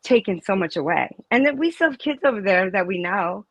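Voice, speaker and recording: This student's mother, middle-aged, shares stories forcefully in a casual interview and keeps restarting her sentences. Her medium-pitched voice is expressive and fairly quick, recorded dry with lo-fi sound.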